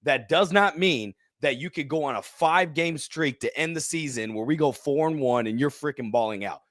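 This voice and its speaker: A man's voice: fairly high pitch, moderate pace, a bit bright, dry recording, studio quality. A young man co-hosting a sports podcast, agreeing easily and laughing as he talks through his view. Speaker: podcast co-host. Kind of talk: casual podcast chat.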